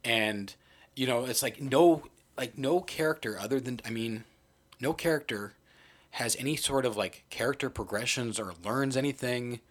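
A man co-hosting a casual movie podcast, talking animatedly with lots of fillers and acted-out quotes. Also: normal speed. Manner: animated, many "like" fillers, acts out quotes in jumps of pitch. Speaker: podcast co-host.

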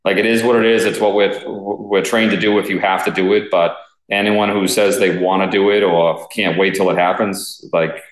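A man speaking as a podcast guest from his home garage gym, halting and blunt, with many fillers and some swearing. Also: low voice, level tone. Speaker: guest, police K9 officer. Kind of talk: casual interview conversation. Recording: echoey garage room.

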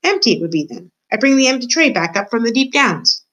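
A woman voicing a slow-witted young servant girl with a rustic dialect in a storybook reading. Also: on the high side, sing-song, fairly bright tone, pitched above the performer's own voice. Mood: simple. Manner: rustic dialect, simple, cheerful.

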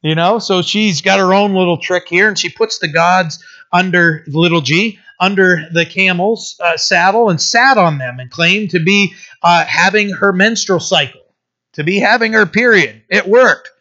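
A man giving a conversational Bible teaching in an animated way, often asking "right?" and reading the verses slowly. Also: high-pitched. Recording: dull lo-fi recording.

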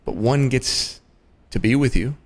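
A man's voice: mid-range voice, unhurried. A man who is a father, hosting a casual conversation and reflecting with empathy. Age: adult father.

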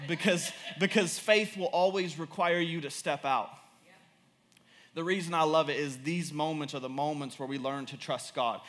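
Young guy preaching, high bright voice, animated and repeats himself a lot. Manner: animated, repetitive, quick to laugh and rise in pitch. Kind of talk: sermon.

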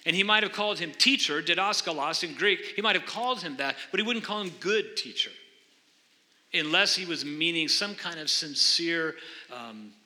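A pastor with a slightly high, sharp voice preaches at a moderate pace in a church sanctuary. He earnestly explains scripture and puts questions to his congregation, and the recording carries a long hall reverb.

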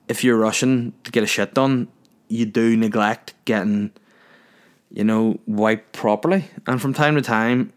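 A young man, telling a crude, rambling comic story in a loose monologue. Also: on the low side.

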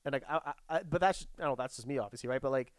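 A man's voice: medium pitch, very fast, dry recording. A man chatting casually, rambling through a story full of restarts and quoted dialogue.

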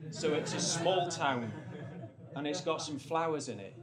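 A man's voice: a little high, lively intonation, a little slow, a crowd in the background. Rambling young man telling a story on stage. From North East England. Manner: rambling, self-deprecating, with frequent restarts.

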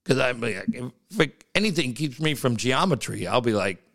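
Gravelly, animated man telling stories. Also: mid-range voice, moderate pace. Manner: animated, profane, laughs through his stories. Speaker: podcast co-host. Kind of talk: casual chat, storytelling.

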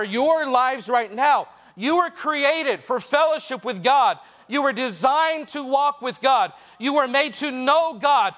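A man preaching a sermon to a youth group, lively and jokey with quick asides, speaking straight to the young listeners. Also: sits high. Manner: directly addresses young listeners.

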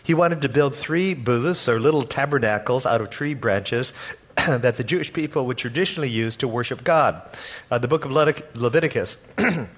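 A man preaching a sermon as pastor, telling the story in a lively way and acting out the people in it with humor. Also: medium pitch, moderate pace. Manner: animated storytelling, acts out voices with humor.

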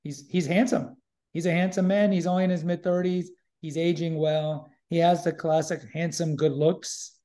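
Opinionated man with a mellow voice. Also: fairly high pitch, flat delivery, normal speed. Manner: opinionated, emphatic, repeats himself. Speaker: podcast host. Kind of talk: casual chat.

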